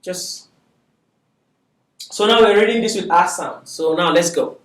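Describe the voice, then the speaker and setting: His voice sits high and he takes his time. He is an Arabic teacher lecturing his class patiently, frequently asking "is that okay?" to make sure the students follow. The recording is from an echoey classroom, with his voice coming from a distance.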